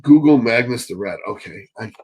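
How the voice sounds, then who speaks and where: A man hosting a live stream Q&A, reading chat questions and answering bluntly, swearing often and getting excitable. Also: medium pitch, moderate pace, poor audio.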